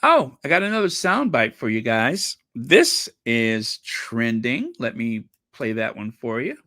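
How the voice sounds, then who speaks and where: Male host, bright voice, unhurried rambling commentary, reads out comments. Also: mid-range voice, very animated, dry recording, studio quality. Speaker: channel host. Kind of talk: casual commentary reading comments.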